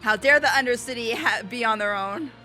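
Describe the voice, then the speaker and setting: A young woman hosting a reaction video, commenting casually and excitedly, often cheering and laughing out loud. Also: on the high side, fairly quick, soft background music.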